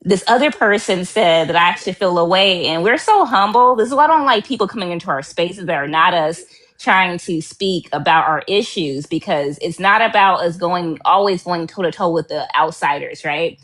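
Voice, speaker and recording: A woman hosting a casual chat show, earnest and talkative, thinking out loud as she goes. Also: on the low side, lively intonation, moderate pace.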